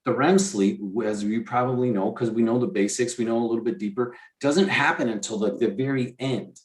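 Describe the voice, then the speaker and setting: A man's voice: mid-range voice, brisk. A man co-hosting a podcast in casual chat, rambling with enthusiasm and many restarts. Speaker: podcast co-host.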